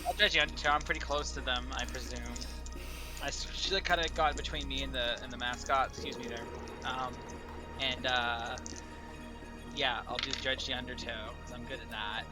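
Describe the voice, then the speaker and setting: A man playing a tabletop game, jokey and quick to laugh. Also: mid-range voice, steady tone, music in the background. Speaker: player. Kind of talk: casual game play.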